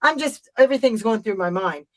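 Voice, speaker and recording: A woman's voice: fairly high pitch, expressive, brisk, poor audio. A middle-aged woman hosting a live stream, telling a story in casual chat, with an emphatic, profane and rambling delivery.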